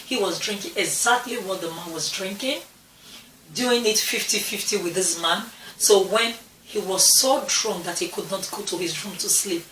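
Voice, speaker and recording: A woman's voice: mid-range voice, normal speed, fairly bright tone, distant mic, a little hiss or hum. A young adult woman chatting casually to camera for her channel, repeating herself and restarting phrases as she goes. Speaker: vlogger talking to her channel. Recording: roomy echo, a bit off-mic.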